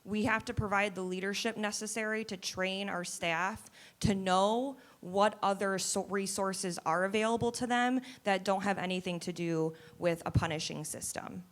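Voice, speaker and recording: A woman on a panel speaking emphatically, with restarts and quick asides. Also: medium pitch, steady tone. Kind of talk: panel discussion.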